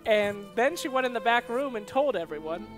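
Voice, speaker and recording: A woman's voice: on the high side, lively intonation, brisk. Playful woman with faint music behind. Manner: playful, giggly storytelling. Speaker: esports panelist. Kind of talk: casual chat.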